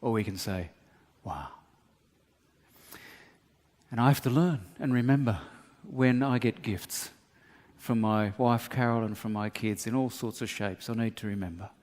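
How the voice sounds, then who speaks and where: A man's voice: lowish voice, normal speed. A man preaching a sermon, telling comic stories and acting out the voices in them. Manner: animated, acts out voices in his stories. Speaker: pastor. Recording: long hall reverb.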